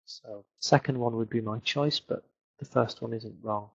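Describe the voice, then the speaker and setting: Gravelly husky British teacher, hesitant. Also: male voice, mid-range voice, fairly even intonation, moderate pace. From Britain. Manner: hesitant, many fillers and restarts. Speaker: English teacher. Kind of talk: webinar Q&A lesson. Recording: dull lo-fi webinar audio.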